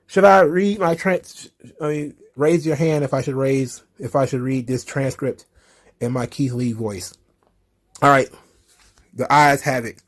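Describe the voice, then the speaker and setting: A man's voice: mid-range voice, measured pace. A man hosting a wrestling commentary podcast, talking casually with frequent swearing and laughter. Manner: animated, profane, laughs often. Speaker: podcast host.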